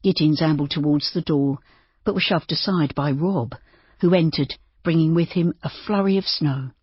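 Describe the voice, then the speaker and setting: An audiobook narrator reads in a steady, measured way. The voice has a husky, breathy edge. The recording is dry and close, with a dull, lo-fi tone. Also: mid-range voice, no room sound. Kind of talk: scripted narration.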